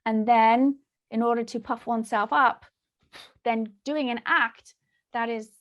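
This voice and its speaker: A woman hosting a relaxed conversation, with a voice pitched a little high. She draws her guest out with probing follow-up questions. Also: measured pace, dull audio. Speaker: host. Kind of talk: casual chat.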